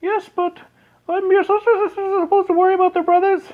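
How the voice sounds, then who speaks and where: A man doing a prim falsetto princess. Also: level tone, quick pace, phone-quality sound. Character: young princess, gentle and proper.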